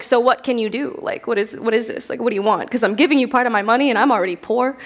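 A woman's voice: on the high side, a bit bright. Candid, profane young woman speaker. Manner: candid, profane, laughs often. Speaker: festival speaker. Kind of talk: casual stage talk, storytelling. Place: stage at a festival hall.

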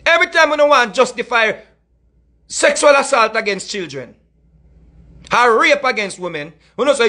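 A man's voice: very high-pitched, lively intonation, normal speed, pushed and bright. A middle-aged man with a Jamaican accent, delivering a heated, scolding monologue that mixes in Patois and repeats his points. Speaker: music commentator.

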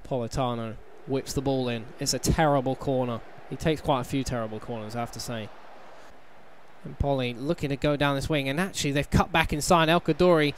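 A young man giving casual let's-play commentary on his own game, chatty and bursting into excited shouts at the players. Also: fairly high pitch, normal speed, clean tone. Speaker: gaming channel host.

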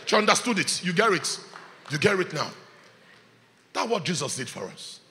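A man preaching a sermon, his voice high and bright with a forceful edge. He swings from loud shouts to hushed asides with a very lively pitch. The sound carries a long hall reverb. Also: moderate pace. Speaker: pastor. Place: church hall.

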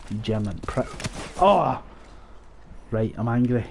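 A man's voice: mid-range voice, moderate pace, background noise. Sweary man commentating gameplay. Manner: profane, rambling, excitable outbursts. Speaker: gaming channel host.

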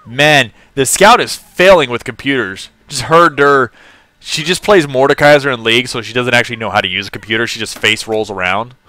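A man's voice: mid-range voice, a little fast, bright, forceful tone, no room sound. A man from California live-streaming a game, chatting casually, laughing often and greeting viewers in the chat.

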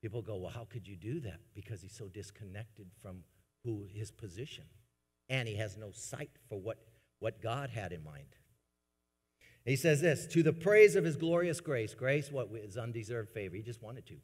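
A man's voice: on the low side, expressive, moderate pace, breathy edge. Emphatic man preaching in a reverberant church. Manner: dynamic preaching, swinging from soft asides to loud emphatic bursts. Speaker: pastor. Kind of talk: sermon. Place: church sanctuary.

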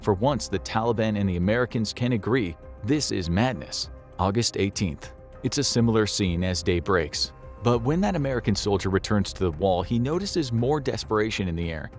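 Low-voiced man narrating a grave documentary. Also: lively intonation, moderate pace, faint music behind. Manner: grave, dramatic storytelling.

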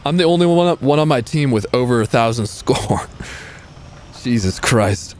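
A man giving live gameplay commentary as a streamer, excitable, swearing freely and mocking himself. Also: medium pitch, takes it slowly, a little hiss or hum. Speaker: gaming streamer.

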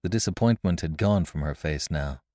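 A man narrating a classic story in a measured, expressive way, recorded close on a studio mic. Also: low-pitched, dry recording. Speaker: narrator and podcast host.

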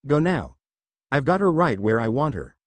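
A man's voice: medium pitch, sing-song, moderate pace, no room sound. A man reading the lines of a brash, hot-tempered teenage boy hero in a fan fiction story, with a cocky, teasing manner.

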